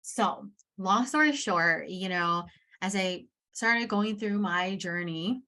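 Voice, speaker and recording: Young woman podcaster, mid-pitched voice, talking straight from the heart, emphatic and casual. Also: slow pace, pushed and bright. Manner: emphatic, casual, swears now and then. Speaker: podcast host. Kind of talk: candid personal storytelling.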